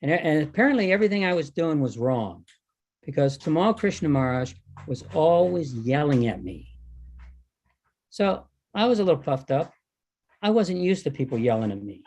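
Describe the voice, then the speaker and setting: A man's voice: on the high side, sing-song, normal speed, a little mellow. An older man telling a story at a reunion gathering, animating the exchanges he recalls. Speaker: devotee recalling service. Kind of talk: anecdotal talk at a reunion.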